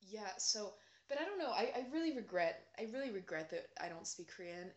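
A woman's voice: medium pitch, sing-song, fairly quick, slight background noise. A woman from the United States in casual chat, talking reflectively with many fillers and restarts. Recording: roomy echo.

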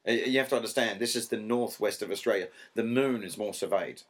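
A man's voice: fairly low pitch, fast. A middle-aged man, a stand-up comedian, telling a rambling story in a casual interview, swearing freely and acting out what others said. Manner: rambling, animated, swears freely, acts out quotes.

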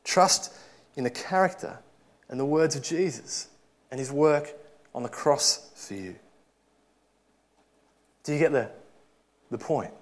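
A man preaching a sermon, earnest, swinging from loud urging to soft, quiet asides. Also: fairly high pitch, animated, slow pace, long pauses.

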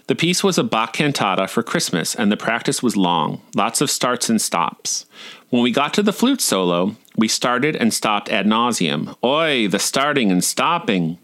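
A man's voice: medium pitch, big pitch swings, unhurried, fairly bright tone. A man in his forties reading his own humorous personal essays in a wry, irreverent, playfully profane way. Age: 40s.

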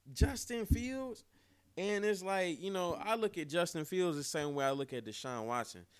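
A young man hosting his own sports podcast, talking casually and excitedly, cursing often and tossing in "man" and "yo" again and again. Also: a little high, smooth, no room sound. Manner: excitable, animated, swears freely, repeats "man" and "yo". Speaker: podcast host.

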